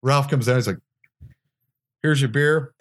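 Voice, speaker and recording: A man's voice: medium pitch, lively intonation, normal speed. A man hosting a podcast, telling a profane party story with lots of laughter. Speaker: podcast host. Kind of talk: casual storytelling chat.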